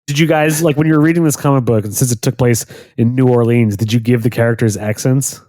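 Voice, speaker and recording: Podcast co-host, male, lively storyteller with a dry close mic. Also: medium pitch, fast, no echo. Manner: animated storyteller, laughs often. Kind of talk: casual chat. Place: Los Angeles.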